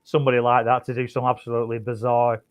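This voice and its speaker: A man's voice: medium pitch, completely flat delivery, fast talker. A man co-hosting a podcast in casual chat, often ending remarks with tag questions. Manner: chatty, seeks agreement with tag questions. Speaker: podcast co-host.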